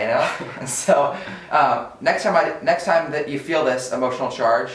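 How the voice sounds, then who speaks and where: A man's voice: medium pitch, moderate pace, few pauses, a bit bright. A young man co-hosting a casual motivational talk, earnest and breaking into laughs between points. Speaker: co-host. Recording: roomy sound from a distant mic.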